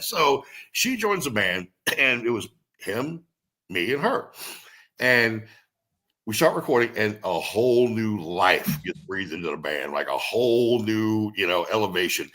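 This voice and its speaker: A man in a casual interview, telling stories as a guest musician and singer, animated and swearing freely. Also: on the low side, measured pace.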